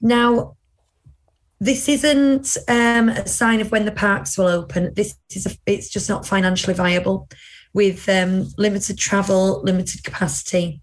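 A woman's voice: medium pitch, steady tone, unhurried. A British woman co-hosting a podcast in casual chat, running through news with chatty asides. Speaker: podcast co-host.

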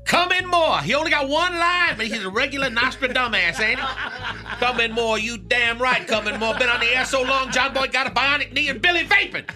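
A man's voice: very high-pitched, fairly quick, sharp tone, faint music behind, exaggerated voice. Man doing a cocky self-styled rap master. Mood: boastful. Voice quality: makes up long words, crude swagger. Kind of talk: comedy radio bit.

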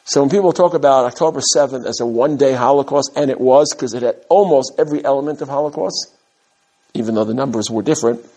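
A man, from Brooklyn, giving an animated mussar talk to his students as a rabbi, with emphatic rises and humorous asides. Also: mid-range voice, fast. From Brooklyn, USA. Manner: direct address to his students.

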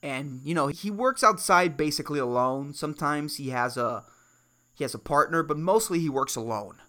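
A man's voice: fairly high pitch, animated, normal speed, sharp tone. A man from Puerto Rico hosting a solo comedy podcast, rambling and swearing, swinging between worked-up rants and mumbled asides. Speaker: podcast host.

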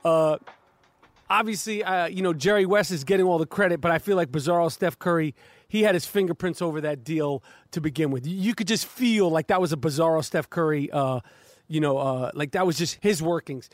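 A man's voice: a little high, a little fast. A man hosting a comedic sports podcast, stammering and repeating words as he talks. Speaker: podcast host.

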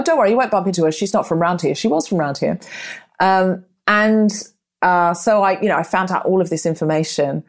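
A middle-aged woman telling a personal story in casual chat, acting out voices with big jumps in pitch. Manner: animated, acts out her own and others' lines with big rises in pitch.

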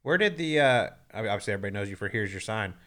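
A man co-hosting a studio podcast, putting quick, lively questions to a guest in casual chat. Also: fairly low pitch. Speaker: podcast co-host.

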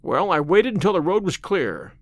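A sharp, self-assured detective talks in a brisk, dry way, as a man reads him in an audiobook. The voice sits a little high and moves a lot in pitch. The sound is close and dry. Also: big pitch swings, no room sound. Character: sharp, wry male detective, brisk and confident. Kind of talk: audiobook character reading.

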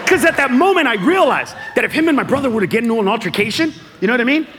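A man performing a stand-up comedy set on a club stage, animated and shouting his punchlines. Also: very high-pitched, racing. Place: comedy club stage before a laughing audience. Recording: live club recording with loud crowd and noise.

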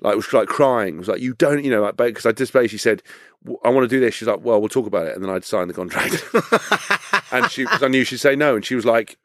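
A man's voice: medium pitch, no echo, studio quality. A man in his thirties chatting as a podcast guest, blunt and swearing freely. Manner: blunt, swears a lot, fast and animated. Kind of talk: casual chat.

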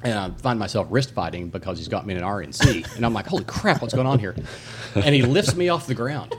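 A man from Tennessee spins a story on a podcast, his voice bouncing high and low with every quoted line. He jumps into the voices of the people in the story, loud and lively. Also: quick pace, slight background noise. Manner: animated, acts out quotes loudly. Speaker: guest. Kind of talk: casual storytelling.

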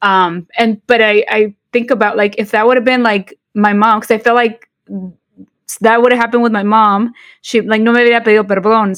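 A woman's voice: mid-range voice, fairly bright tone, no room sound, clean studio sound. A woman, co-hosting a podcast in casual chat, switching between English and Spanish with lots of fillers and restarts. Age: 40s. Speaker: podcast co-host.

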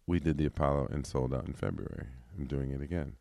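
Deep-voiced New York actor. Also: male voice, steady tone, fast talker, vocal fry, dark tone, no echo, clean studio sound. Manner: expansive, storytelling, lots of "you know". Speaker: guest actor. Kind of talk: casual podcast conversation. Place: podcast booth.

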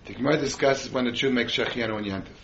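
A man's voice: medium pitch, fast talker, lo-fi sound, background noise. A man teaching a Torah class to a group, often quizzing his listeners with questions and answering them himself. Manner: quizzes the audience with frequent questions.

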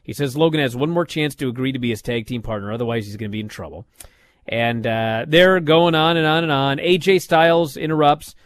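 A man's voice: a little high, fairly bright tone, no echo. A man recapping a wrestling show in a casual, exasperated and sarcastic way.

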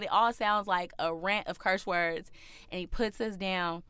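A woman's voice: mid-range voice, normal speed, smooth, no room sound. A woman telling a personal story to an audience, acting out the voices of the people in it. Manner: animated, acts out quoted voices.

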